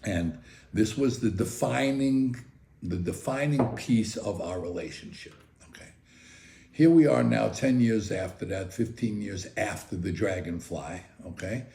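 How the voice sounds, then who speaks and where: An older man casually telling a personal story in a chatty, animated way, often checking in with "okay?". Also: fairly low pitch, a little slow, creaky, a little hiss or hum. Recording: roomy echo.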